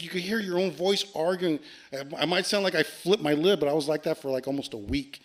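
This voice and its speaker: A man telling a long ghost story on a podcast, animated and profane, acting out the lines he quotes. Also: fairly high pitch, brisk, hardly any pauses. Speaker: podcast guest. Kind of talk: casual storytelling.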